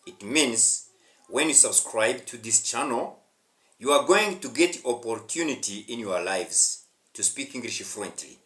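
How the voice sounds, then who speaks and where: A Rwandan-accented man teaches English straight to his viewers, his pitch rising and falling in lively arcs as he repeats his points over and over. His voice rings out in an echoey room. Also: unhurried. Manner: preachy, repetitive, with emphatic swells. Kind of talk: direct-to-camera English lesson.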